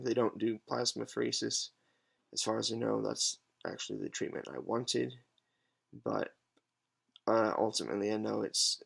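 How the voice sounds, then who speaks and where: A man in his twenties giving a halting, hesitant, unscripted monologue with many pauses and fillers. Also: fairly low pitch, vocal fry. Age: 20s. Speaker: patient advocate vlogger. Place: alone at home.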